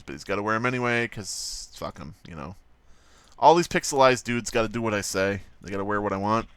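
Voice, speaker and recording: Sweary streamer guy rambling while he draws, pitch all over the place, super dry close mic. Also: fairly bright tone, clear, resonant tone, no echo. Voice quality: profane, rambling and joking. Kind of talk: casual livestream commentary.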